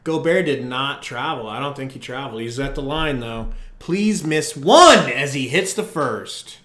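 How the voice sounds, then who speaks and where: Young male podcast co-host, live play-by-play; bright, unhurried, echoey low-grade mic. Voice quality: profane, partisan fan commentary. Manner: excitable, swings from muttering to shouting. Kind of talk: live fan play-by-play reaction stream. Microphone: poor quality microphone.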